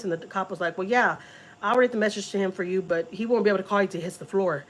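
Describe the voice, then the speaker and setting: A woman's voice: fairly low pitch, rapid-fire. A middle-aged woman from Texas, telling a story in a casual, emotional way to her vlog viewers and repeating words as she goes. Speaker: family vlogger.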